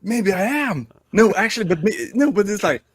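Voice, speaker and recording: A man's voice: high voice, normal speed, slight background noise. Giggly Swedish-accented man. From Sweden. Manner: giggly, animated. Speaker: podcast co-host. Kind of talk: casual chat.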